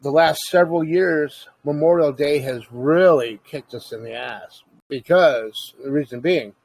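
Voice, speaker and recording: A man who is a veteran, speaking slowly and earnestly, with halting, reflective phrasing in a casual chat. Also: on the high side, husky, no room sound. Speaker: veteran in a conversation.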